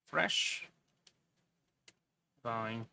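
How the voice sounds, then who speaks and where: A man's voice: mid-range voice, drawn-out words, gravelly, bright, forceful tone, clean tone. A man hosting a casual stock video, chatting and reading a filing aloud with jokes. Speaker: host.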